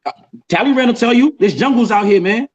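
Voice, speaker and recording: A man on a casual livestream panel, talking emphatically, repeating key phrases and slowing down to stress sayings. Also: very high voice, lively intonation. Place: in a jungle. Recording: dull lo-fi sound.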